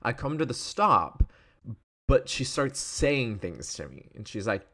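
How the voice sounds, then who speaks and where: A man's voice: mid-range voice, sing-song, normal speed, fairly bright tone. A young man in his twenties telling a story in a casual, rambling way, full of fillers and tangents. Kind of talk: casual chat.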